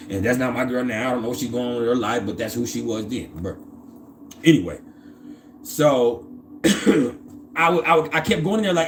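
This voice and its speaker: A man hosting an astrology channel, casually telling a personal story in a profane, streetwise, conversational way. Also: fairly high pitch.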